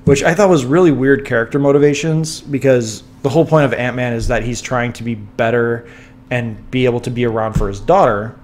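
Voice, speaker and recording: A man of middle pitch chats on a podcast from his home, close to a sensitive microphone. He talks eagerly and rambles, restarting sentences, with a dry cough now and then. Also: steady tone, a little fast, darkish tone, a little hiss or hum. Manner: enthusiastic, rambling with restarts and fillers. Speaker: podcast co-host. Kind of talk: casual chat. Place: home room. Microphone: sensitive studio mic.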